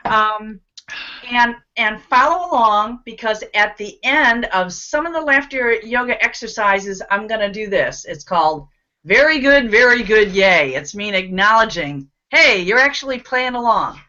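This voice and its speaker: Bright-toned upbeat woman coaching laughter. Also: mid-range voice, expressive, unhurried, dull audio. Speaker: host leading laughter yoga. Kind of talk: live online group session.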